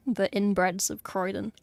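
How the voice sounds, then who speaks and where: With a slightly mellow, mid-range voice touched by vocal fry, a young English streamer talks casually and wryly to her chat as she paints miniatures. Faint music can be heard behind her.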